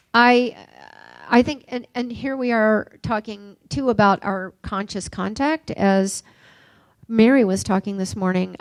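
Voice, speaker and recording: Gravelly older woman giving a workshop talk. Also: mid-range voice, no room sound. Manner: reflective, anecdotal, gently questioning. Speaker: workshop speaker.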